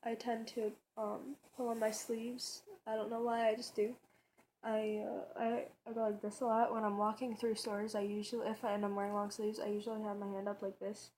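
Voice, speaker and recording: A woman's voice: mid-range voice, level tone, brisk, a little mellow, slight background noise. A woman vlogger talking casually in her bedroom, rambling and chatty, with lots of fillers and restarts. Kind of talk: casual tag video chat.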